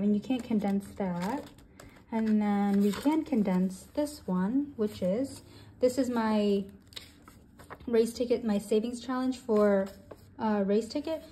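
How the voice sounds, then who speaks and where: A woman in her twenties, a budgeting channel host, counting cash aloud and thinking out loud as she sorts it. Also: fairly high pitch, a little hiss or hum. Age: 20s. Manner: counts bills aloud in steady runs; thinks aloud, with soft hesitations.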